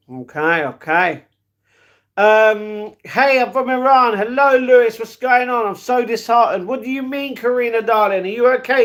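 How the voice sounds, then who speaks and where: A young man with a fairly high voice chats loosely with his live-stream audience, reading comments and answering them. He talks in a rambling, affectionate way, dropping "darling" and "mate" as he goes. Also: a bit bright. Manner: chatty, calls viewers darling and mate.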